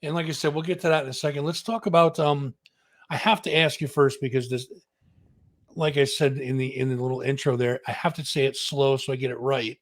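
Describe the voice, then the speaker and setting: A man's voice: mid-range voice, steady tone, fairly quick. Casual, friendly male interview host. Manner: friendly, casual, calls guest dude and man. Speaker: podcast host.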